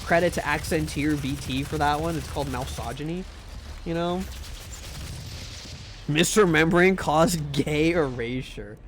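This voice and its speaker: A man's voice: fairly high pitch, a little slow, long pauses, a little hiss or hum. A man streaming a game live, chatting in a rambling, jokey and crude way. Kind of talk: casual gaming stream chat.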